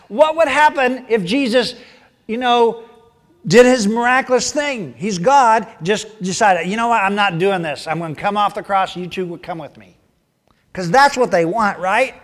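A man preaching a sermon, animated, rising loud on emphasis and dropping to hushed asides. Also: sits high. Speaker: pastor.

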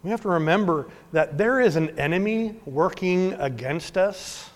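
A man preaching a sermon as pastor, earnest, swinging from emphatic to hushed. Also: high voice, animated, normal speed. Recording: long hall reverb.

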